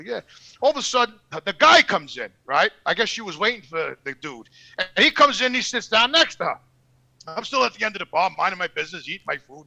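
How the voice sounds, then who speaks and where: A man telling profane stories on a podcast, loud and animated, swearing constantly. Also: sits high, vocal fry. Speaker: podcast regular. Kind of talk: profane storytelling.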